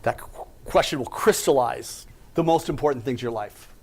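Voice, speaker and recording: Here an American company president speaks in a mid-range voice that is gravelly with a breathy edge, at a normal speed. His inspirational talk tells his own story and uses emphatic rhetorical questions.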